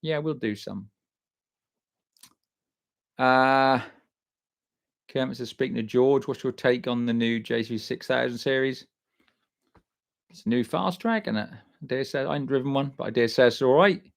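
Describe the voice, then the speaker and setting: A man's voice: medium pitch, moderate pace, vocal fry, long pauses. A man hosting a live stream, chatting casually and swearing freely as he reads out and answers viewer comments by name. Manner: loose, sweary and matey, answering chat by name.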